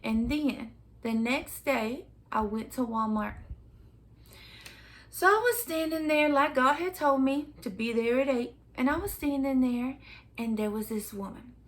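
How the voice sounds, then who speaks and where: Woman vlogger with a slightly high voice, chatty storyteller who keeps breaking into laughter. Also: measured pace. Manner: animated, laughs often between phrases. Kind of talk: casual storytelling.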